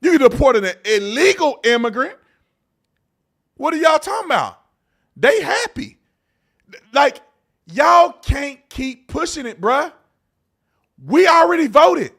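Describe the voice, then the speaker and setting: Animated man host, mocking and loud. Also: extremely high pitch, unhurried, gravelly, pauses often. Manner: animated, mocking, switches between hushed asides and loud outbursts. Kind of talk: live political commentary show.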